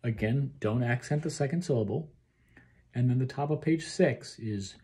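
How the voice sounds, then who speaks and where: This choir director's mid-range voice is mellow and moderately paced as he explains phrasing and pronunciation to his choir. He sings brief bits of the text and closes his points with a questioning "okay."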